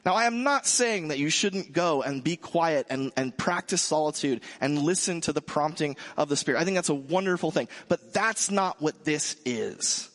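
A man preaching a sermon in a relaxed, conversational way, joking with his congregation. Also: on the high side, normal speed, hardly any pauses, long reverb tail. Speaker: pastor.

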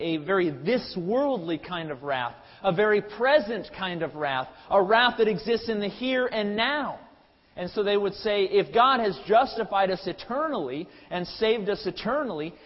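A male pastor preaching a sermon. His voice builds to loud, emphatic peaks, then drops to quiet asides, with frequent restarts. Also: on the high side. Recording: long hall reverb, dull lo-fi sound.

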